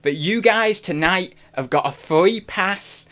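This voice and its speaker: A man's voice: high-pitched, slow pace, a bit bright. A man hosting a live stream, chatting casually in a rambling, self-deprecating way. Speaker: reselling streamer host.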